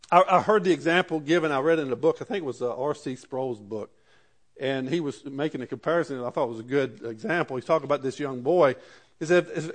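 High-voiced preacher, conversational. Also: male voice. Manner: conversational preaching with rising emphatic peaks. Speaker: pastor. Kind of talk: sermon.

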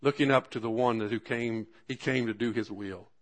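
A man preaching a sermon, talking through scripture in an earnest, conversational way, with swelling emphasis and drawn-out words at key moments. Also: medium pitch, steady tone. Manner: earnest, conversational asides to the congregation. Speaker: pastor.

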